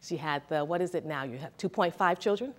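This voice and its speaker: A woman's voice: lowish voice, a little fast. A woman therapist giving a motivational talk to a seminar audience, talking conversationally and often checking in with the audience. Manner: conversational, asks the audience questions. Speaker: therapist and speaker.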